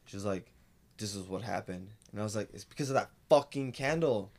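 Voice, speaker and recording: A man telling his side of the story in casual chat, lively and profane. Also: on the low side, a little fast.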